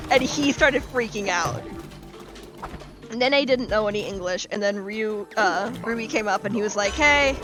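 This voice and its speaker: Animated woman telling stories while streaming. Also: mid-range voice, moderate pace, music in the background. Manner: animated storyteller who acts out quotes and swears freely. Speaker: game streamer. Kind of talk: casual gaming chat and storytelling.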